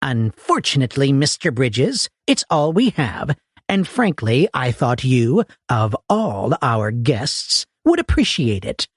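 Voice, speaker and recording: A man voicing an abrasive old woman who stays coldly polite, cordial in tone but never warm. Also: rumbling low, big pitch swings, slow, husky, no echo, studio quality, full character voice. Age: older. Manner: cordial tone with icy undertone.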